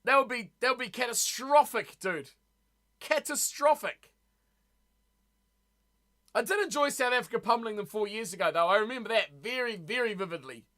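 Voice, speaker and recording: A man's voice: very high voice, lively intonation, quick pace, hardly any pauses, sharp tone. A man hosting a casual live stream, chatting loosely and answering his viewers as he talks, often repeating words. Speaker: streamer reading live chat.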